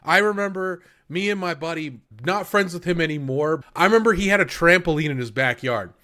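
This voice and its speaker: A man co-hosting a podcast who talks about anime in an excitable, emphatic, freely profane way. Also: a little high, fairly quick. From United States. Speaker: podcast co-host. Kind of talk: casual anime review chat.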